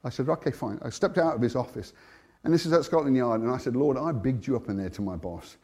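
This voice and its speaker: Animated British man telling a testimony. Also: medium pitch, fast. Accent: British English. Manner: animated storytelling, laughs often; swings between hushed and loud. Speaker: Christian speaker. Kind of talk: testimony sermon.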